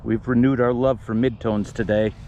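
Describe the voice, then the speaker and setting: A man hosting a metal detecting video, talking casually and excitedly about his finds while out on a field. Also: mid-range voice, moderate pace, dull audio, a little hiss or hum. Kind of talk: casual outdoor commentary. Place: outdoors on a field.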